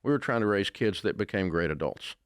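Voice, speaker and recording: Older man, Southern accent, plainspoken storyteller, deep voice, dry room. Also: animated, brisk, clean tone, dry recording. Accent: Southern American. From American South. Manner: folksy, blunt, plainspoken. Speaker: radio host, interviewee. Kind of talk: storytelling interview answers.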